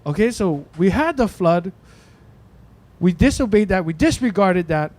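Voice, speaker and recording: A man's voice: sits high, expressive, measured pace, darkish tone. A man, preaching a casual sermon in a church, thinking aloud with restarts and a frequent "right?". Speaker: pastor. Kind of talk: conversational sermon. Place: church in Hawaii.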